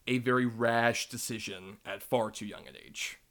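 A man in the middle of a relaxed film podcast, his voice at an ordinary middle pitch. He chats easily and drops in wry joking asides. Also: moderate pace. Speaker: podcast co-host. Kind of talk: casual film discussion.

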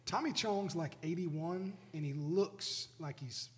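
A man's voice: on the high side, long reverb tail. A man with a Southern accent, co-hosting a podcast and chiming in with agreeable quips. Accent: Alabama Southern. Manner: agreeable, quick interjections. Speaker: podcast co-host. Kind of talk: casual chat.

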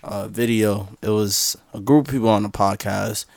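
Gravelly man telling a story on a podcast. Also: on the low side, normal speed, no echo. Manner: storytelling, animated, acts out dialogue. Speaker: podcast co-host. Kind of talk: casual podcast banter.

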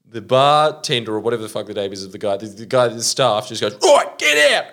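A young Australian man on a casual podcast, telling a story with lots of swearing and loud acted-out quotes. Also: fairly low pitch, fast. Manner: animated storyteller, swears, acts out quotes in loud put-on voices. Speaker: podcast host.

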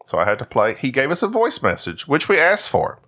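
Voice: medium pitch, huge pitch swings, fairly quick, fairly bright tone. A podcast co-host in casual, jokey banter, reading game titles and cueing up a listener message. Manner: playful, jokey, breaks into laughter and silly voices.

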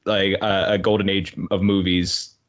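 A man's voice: deep voice, flat delivery, moderate pace, highs cut off. A man with a Philadelphia accent co-hosting a podcast, joking dryly in casual chat. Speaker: podcast co-host.

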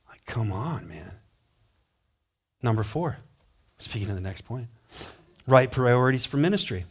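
A man preaches an animated sermon, imitating quoted voices and swinging between loud pronouncements and hushed, low lines. His husky voice moves a little slowly, with long pauses.

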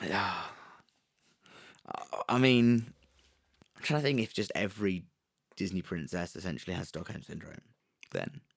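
A man's voice: sits low, lively intonation, a little slow, creaky, pauses often. A young man co-hosting a podcast, talking in a loose, rambling way and swearing. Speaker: podcast co-host. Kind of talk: casual chat.

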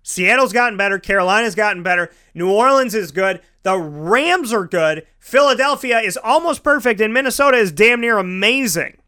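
High bright-voiced man ranting on football. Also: animated, normal speed, hardly any pauses, clear, resonant tone. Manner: emphatic, ranting, repeats for effect. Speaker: sports show host. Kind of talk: opinionated football commentary.

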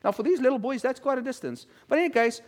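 A man's voice: extremely high pitch, expressive, rapid-fire. A middle-aged male pastor giving a sermon in a chatty storytelling way, acting out quotes from people he describes. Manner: conversational storytelling with quoted voices.

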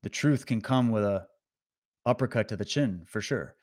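A man's voice: lowish voice, moderate pace, darkish tone. A man delivering an impassioned, preachy motivational monologue to his audience, urging and exhorting them. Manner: preachy, exhorting, rising to emphatic peaks. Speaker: online commentator.

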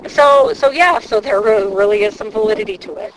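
A woman guide chats about ghost hunting in a lively, storytelling way. She is outdoors near a waterfront, and faint traffic and open-air ambience sit behind her voice. Her pitch is middling for a woman. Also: brisk, low-quality recording. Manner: chatty, animated storyteller. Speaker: paranormal investigator guide. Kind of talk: casual explanatory chat.

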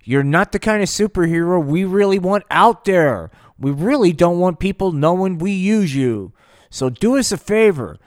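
A man's voice: high voice, expressive, moderate pace, no room sound, studio quality. A man voicing a stern male government drug agent who lectures and scolds, in an improvised comedy bit. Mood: scolding.

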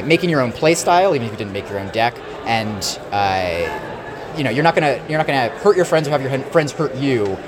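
Amid loud crowd chatter in a busy convention hall, a medium-pitched man presents his game in a floor interview. Tired and losing his voice, he rambles through a story full of fillers.

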